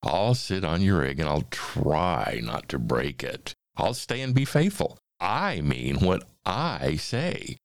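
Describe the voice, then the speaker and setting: A man voicing a big, gentle, faithful male elephant who talks in an earnest, steady way. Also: low voice, slow pace, creaky, few pauses, no room sound, studio quality, full character voice.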